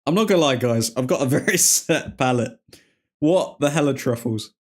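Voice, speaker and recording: A man's voice: mid-range voice, animated, normal speed, a little mellow. A man with an English accent casually hosting a football watchalong, chatting and reacting to viewer comments. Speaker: livestream host.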